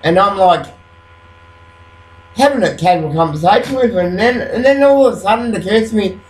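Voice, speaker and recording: A man's voice: high-pitched, animated, brisk, long pauses. A man rambling at night into his webcam, agitated, swearing constantly and filling gaps with "you know". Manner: rambling, profane, agitated, full of fillers. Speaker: vlogger. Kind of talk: rambling late-night monologue. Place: at home at night after waking up. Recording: roomy echo.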